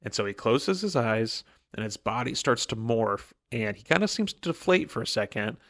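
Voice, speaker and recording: A man's voice: mid-range voice, big pitch swings, moderate pace, a bit bright. A man co-hosting a book podcast, retelling the chapter in casual chat and briefly acting out the characters' lines. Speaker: podcast co-host.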